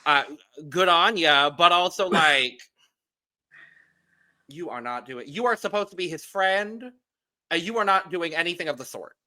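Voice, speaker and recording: A man's voice: a little high, bright, forceful tone. A man co-hosting a podcast, giving frank opinions on a reality dating show in casual chat. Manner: frank and chatty, quick to agree. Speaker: podcast co-host.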